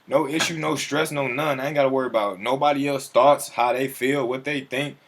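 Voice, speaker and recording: On a livestream, a man with a mid-range, steady voice talks loosely and briskly with viewers. He answers their comments as they arrive, peppering everything with profane slang.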